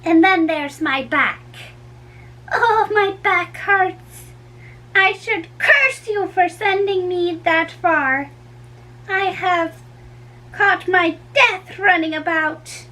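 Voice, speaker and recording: A woman's voice: very high-pitched, slow pace, sharp tone, heavily acted. A woman reading a play aloud, voicing a fussy, teasing old nurse who groans and draws out her complaints. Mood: groaning. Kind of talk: dramatic reading.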